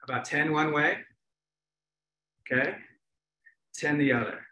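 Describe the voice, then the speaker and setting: A man's voice: fairly high pitch, a little slow, pushed and bright. A man hosting a live webinar, coaching hip exercises in an encouraging, easygoing way. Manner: encouraging, easygoing, repeats cues.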